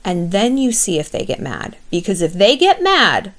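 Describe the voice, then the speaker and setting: A woman's voice: medium pitch, big pitch swings, normal speed, fairly bright tone. A woman vlogger giving blunt, emphatic friendship advice to camera in a casual monologue, swearing freely.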